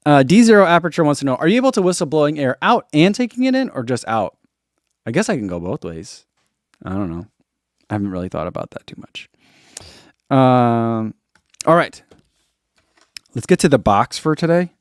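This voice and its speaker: A man's voice: mid-range voice, very animated, normal speed, pauses often, dry recording, studio quality. Laid-back man chatting on a live stream. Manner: laid-back, chuckles often, reads comments aloud. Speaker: running channel host. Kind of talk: casual live-stream chat.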